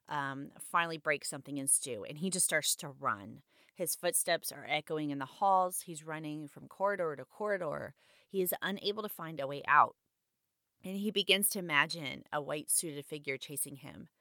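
A woman's voice: sits low, bright, forceful tone, no echo, studio quality. A woman hosting a podcast, casually retelling a novel chapter with personal asides and reading passages aloud. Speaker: podcast host. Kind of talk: casual book recap with read-aloud passages.

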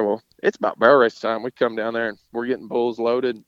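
A man's voice: mid-range voice, little pitch movement, fairly quick, dry recording. A man, telling rodeo stories in a casual, folksy way with lots of fillers and mild cursing. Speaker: podcast guest, rodeo cowboy. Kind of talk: casual storytelling. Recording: dull lo-fi sound.

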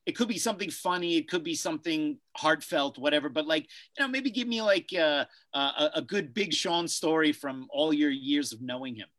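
A man's voice: a little high, a little fast, hardly any pauses, fairly bright tone, no room sound. A man hosting a podcast, chatting casually with many fillers and loose asides. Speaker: podcast host.

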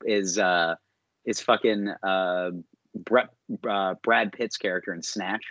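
A man's voice: low voice, steady tone, takes it slowly, pushed and bright, dry recording. A man co-hosting a casual podcast chat, laughing often and slipping into playful impressions. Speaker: podcast co-host.

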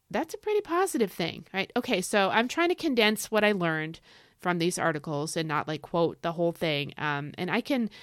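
A woman's voice: on the low side, dry recording, studio quality. Fired-up woman teaching scripture. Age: young adult. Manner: enthusiastic, building to fired-up preaching bursts. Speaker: podcast host teaching scripture. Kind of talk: devotional teaching.

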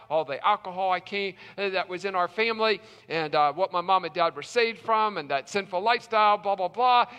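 A man's voice: sits high, bright, forceful tone, in a large hall. A middle-aged man preaching a sermon from South Carolina, telling a personal story with emphatic repetition. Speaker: pastor.

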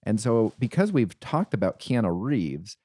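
A man with a lowish voice co-hosts a casual comedy podcast, drifting through rambling anecdotes and restarting his sentences. The sound is dry and close, with no room around it. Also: big pitch swings, normal speed, warm tone, dry recording. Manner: rambling storyteller, restarts often. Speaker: podcast co-host. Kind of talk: casual chat.

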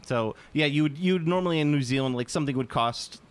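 A man's voice: fairly high pitch, fast, clear, resonant tone. A man chatting casually on a podcast, rambling, laughing and swearing freely.

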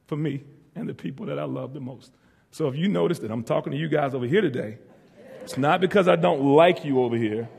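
A man's voice: medium pitch, brisk, vocal fry, a little mellow. A middle-aged man from northeastern North Carolina, preaching as a guest speaker in a church, earnest and heartfelt with playful asides to the congregation. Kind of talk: church sermon. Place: church sanctuary. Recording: hall reverb.

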